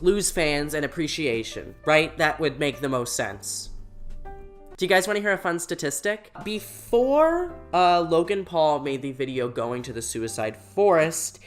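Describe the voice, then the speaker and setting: A young adult YouTuber giving sarcastic, mocking commentary with quick asides. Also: medium pitch.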